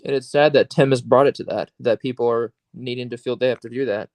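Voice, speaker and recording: A man's voice: mid-range voice, steady tone, darkish tone, dry recording. Earnest man in casual chat. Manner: earnest, opinionated, loose with pauses and fillers.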